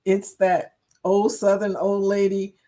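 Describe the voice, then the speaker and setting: A woman's voice: mid-range voice, monotone, slow, warm tone. A woman from Chicago hosting a casual live chat, reading viewers' comments aloud and laughing often. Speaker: livestream host reading chat.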